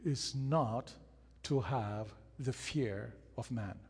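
Slow, husky-voiced preacher in an echoing hall. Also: male voice, mid-range voice, a little mellow. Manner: emphatic preaching with repeated phrases and acted-out quotes. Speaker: pastor. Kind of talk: sermon. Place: church hall. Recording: hall reverb.

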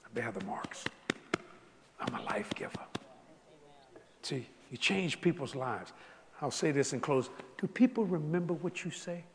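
Animated preacher man in a reverberant hall. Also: a little high, moderate pace, slight background noise. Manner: animated, shifts from soft asides to loud bursts. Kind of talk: sermon storytelling.

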